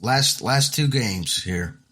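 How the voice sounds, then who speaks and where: A man co-hosting a sports podcast, calmly breaking down games in a casual chat. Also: medium pitch, takes it slowly. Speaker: podcast co-host.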